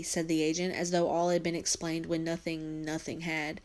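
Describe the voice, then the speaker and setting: A woman, a teacher, reading a novel aloud for her students in a steady storytelling voice. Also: low-pitched, moderate pace, few pauses.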